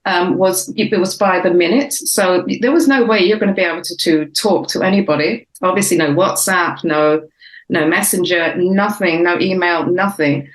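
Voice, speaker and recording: A woman's voice: lowish voice, normal speed, reverberant, low-quality recording. A woman in her sixties with a faded Cockney English accent, talking reflectively as an author in an interview, with many fillers and restarts. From Southeast London, England. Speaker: author and guest. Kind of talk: casual interview talk.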